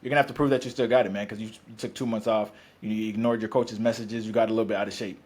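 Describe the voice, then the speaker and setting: A man's voice: lowish voice, little pitch movement, very fast, a little mellow, slightly rough. A man who works as a fitness coach, talking bluntly and profanely in casual podcast chat, rambling with restarts.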